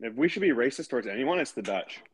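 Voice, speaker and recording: A man's voice: medium pitch, expressive, fast, slightly rough, dry recording. A man co-hosting a casual podcast, laid-back and wisecracking with some swearing. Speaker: podcast co-host.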